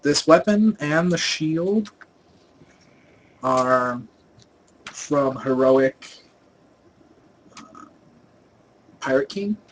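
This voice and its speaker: A man's voice: on the high side, extremely slow, pauses often, a little hiss or hum, rough recording. Rambling young man narrating gameplay. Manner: rambling, many fillers and restarts; volume rises and falls a lot. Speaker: gaming video host. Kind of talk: casual game guide voice-over.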